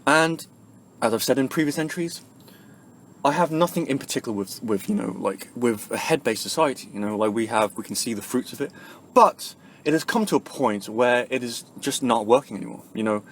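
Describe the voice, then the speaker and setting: Man, vlog rant, mid-pitched voice, profane, rambling fillers, quiet then suddenly loud. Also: a little fast, slight background noise. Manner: rambling, profane, with constant "you know" and "right?" fillers; swings between quiet musing and loud angry outbursts. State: angry and frustrated. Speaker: vlogger.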